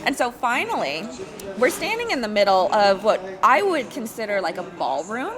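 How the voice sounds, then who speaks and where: A woman's voice: on the high side, normal speed. A woman who sells luxury homes, chatting in an interview and acting out quotes as she tells stories. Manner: animated storyteller, acts out quotes. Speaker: luxury real estate agent. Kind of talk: casual interview chat.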